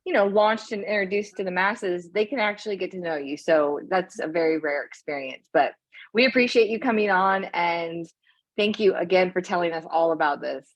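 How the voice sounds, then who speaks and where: Playful woman host, low voice, dry sound. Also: normal speed, no room sound. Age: 30s. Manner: playful and teasing. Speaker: podcast co-host. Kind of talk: casual chat.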